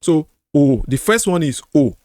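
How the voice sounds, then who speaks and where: A middle-aged Nigerian man with a Yoruba accent hosts a screen-share language lesson, explaining slowly, repeating words and singing tone syllables. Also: fairly high pitch, lively intonation, a little mellow, no room sound, clean studio sound. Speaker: apologetics channel host.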